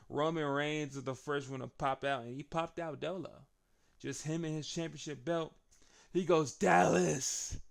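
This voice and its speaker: A man giving a casual, animated recap of a wrestling show, laughing often and acting out the wrestlers' lines. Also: medium pitch, smooth.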